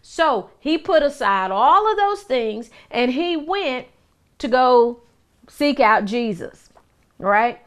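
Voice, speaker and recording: A woman's voice: sits high, very animated, slow pace, clean tone. A middle-aged woman, a minister giving a conversational Bible teaching, talking to her listeners with rhetorical questions and frequent restarts.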